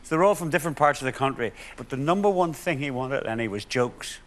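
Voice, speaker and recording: A man, a comedian guest on a chat show, talking in a lively way. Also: mid-range voice, fast talker.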